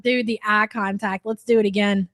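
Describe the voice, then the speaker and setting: A woman's voice: medium pitch, steady tone, normal speed, fairly bright tone, slight background noise. A young woman hosting a live reaction stream, talking bluntly and swearing freely. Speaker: livestream host.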